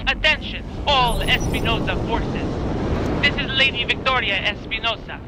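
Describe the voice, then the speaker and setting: A woman's voice: fairly high pitch, a little slow, very noisy, natural voice. A woman voicing an imperious young noblewoman in a video game, giving commands to her troops in a Spanish accent. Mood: commanding.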